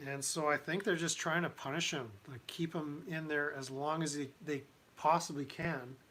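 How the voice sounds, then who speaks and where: A man hosting a casual commentary livestream, talking in a halting way with many restarts and fillers. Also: on the high side, fairly even intonation, fairly bright tone, a little hiss or hum. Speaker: livestream host.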